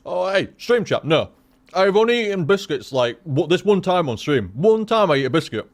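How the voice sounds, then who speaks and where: A man's voice: high-pitched, sing-song, moderate pace. A young man chatting casually to his stream viewers, rambling and swearing with lots of restarts.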